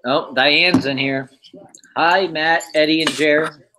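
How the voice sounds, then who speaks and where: A man hosting a casual livestream, rambling in a relaxed way with lots of fillers as he shows off his kitchen. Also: on the high side, slow, crowd noise. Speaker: livestream host. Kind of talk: casual chat, showing his kitchen pantry on stream.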